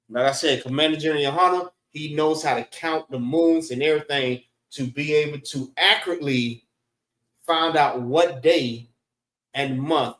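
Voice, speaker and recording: A man teaching an informal scripture class in a relaxed way, often saying "all right" between points. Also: mid-range voice. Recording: roomy echo.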